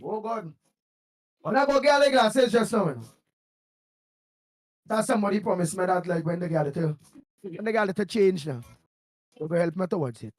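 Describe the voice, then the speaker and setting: A man's voice: sits high, expressive, normal speed, long pauses, dry recording, clean studio sound. A Trinidadian man hosting a live morning show, chatty and playful, greeting viewers by name and laughing often.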